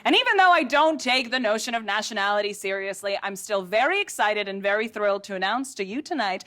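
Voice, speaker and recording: A woman's voice: medium pitch, fairly quick, few pauses, background noise. Sardonic American-accented woman comic. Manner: sardonic, deadpan asides to the audience. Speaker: stand-up comedian. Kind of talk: stand-up comedy set. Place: theatre stage before a live audience.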